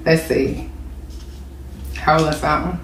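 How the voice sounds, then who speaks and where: A woman's voice: low-pitched, steady tone, takes it slowly, a little hiss or hum. Chatty woman vlogger, echoey room. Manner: chatty, addresses viewers as y'all. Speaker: mukbang vlogger. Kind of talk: casual chat to camera.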